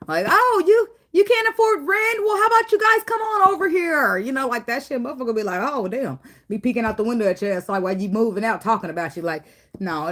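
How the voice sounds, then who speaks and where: A woman giving a casual spiritual tarot reading, swearing freely and jumping into high acted quotes. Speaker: tarot reader.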